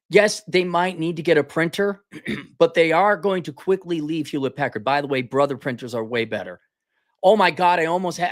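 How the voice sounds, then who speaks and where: A man hosting a podcast, delivering a crude, sarcastic rant, mocking companies in put-on voices and often clearing his throat. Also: fairly high pitch. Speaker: podcast host. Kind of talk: ranting commentary monologue.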